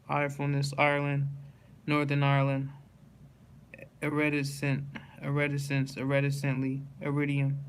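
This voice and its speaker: A man reads through a dictionary word list, one entry after another, in an utterly flat voice that barely moves in pitch. He stumbles now and then and restarts a word. Faint ambient noise sits behind him. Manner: slow monotone word-by-word reading with stumbles and restarts.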